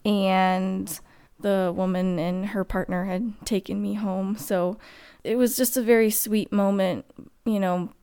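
A young woman telling a personal story to her viewers, emotional and halting, with many restarts and fillers. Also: mid-range voice, fairly even intonation, mellow, clean tone.

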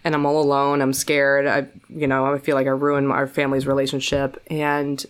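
A woman's voice: a little fast, clean tone. A woman telling a painful personal story in a casual podcast chat, with many fillers and restarts. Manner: jumps to a much higher, more animated voice when quoting people.

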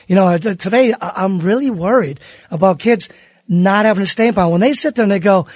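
Middle-aged man, radio guest, high husky voice, dry sound, emphatic delivery. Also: a little fast, no room sound. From United States. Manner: animated, emphatic, repeats words when restarting. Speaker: teacher and author, guest. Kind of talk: radio interview guest, casual chat.

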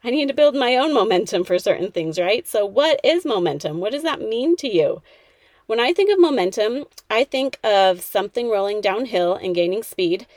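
A woman's voice: medium pitch, expressive, moderate pace, darkish tone, dry recording. A woman in her thirties hosting a motivational podcast, talking in a peppy, chatty way straight to the listener. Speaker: podcast host.

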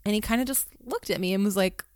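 A woman's voice: mid-range voice, fast talker, darkish tone, no echo, clean studio sound. A woman in her thirties telling a story in casual monologue, chatty and self-mocking, laughing often at herself.

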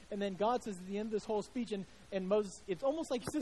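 A man's voice: high-pitched, fast talker, hardly any pauses, darkish tone, a little hiss or hum, poor audio. A male preacher giving a sermon in a conversational storytelling way, with frequent restarts.

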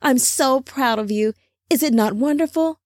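A woman voices a breathless, joyful young woman, gushing as she speaks at normal speed. Her high-pitched voice is set above her own natural register yet still sounds natural, recorded dry with clean studio sound.

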